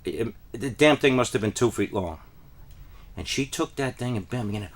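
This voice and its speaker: A man from New Jersey telling a deadpan parody monologue, rambling and then rising into frantic, high-pitched pleas. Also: moderate pace. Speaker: comic storyteller.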